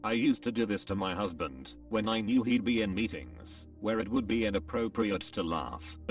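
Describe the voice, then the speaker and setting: Gravelly low synthetic male narrator. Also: expressive, moderate pace, far from the mic, faint music behind. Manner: computerized reading that voices punctuation marks. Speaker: narrator reading online posts. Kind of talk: text-to-speech reading of forum posts.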